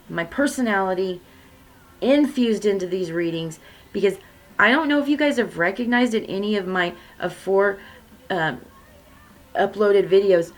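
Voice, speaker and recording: A woman tarot reader talking casually and self-mockingly to her viewers, her voice swinging between loud bursts and soft asides. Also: lowish voice. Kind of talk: casual spiritual reading chat.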